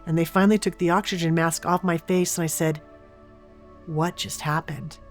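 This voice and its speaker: A woman's voice: fairly low pitch, steady tone, quick pace, soft background music. A woman guest in an interview, earnestly and vividly retelling a personal experience.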